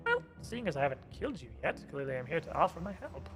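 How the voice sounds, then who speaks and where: A man voicing a scheming, condescending male vampire lord in a low, menacing voice with reverb on it. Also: big pitch swings, fairly bright tone, soft background music. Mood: haughty. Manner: slow, cool and condescending.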